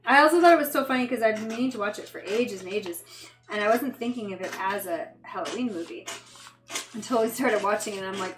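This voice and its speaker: A woman's voice: medium pitch, fast talker, soft background music. A woman chatting casually on a livestream while she works, rambling and swearing when frustrated. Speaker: fashion designer. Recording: echoey room with background noise.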